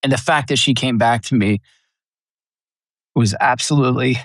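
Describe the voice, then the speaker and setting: Speaking at normal speed in a medium pitch, a middle-aged podcast guest comes through in clean studio sound with no room sound. His earnest personal testimony includes acted-out quotes from others, and he is emotional, at times almost in tears.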